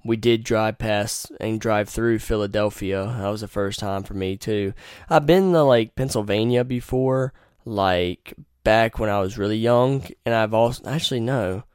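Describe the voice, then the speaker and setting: A man's voice: fairly low pitch, unhurried, darkish tone, clean tone, no echo, studio quality. A young man hosting a podcast, telling rambling, profane stories and giving blunt opinions in a casual monologue. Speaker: podcast host.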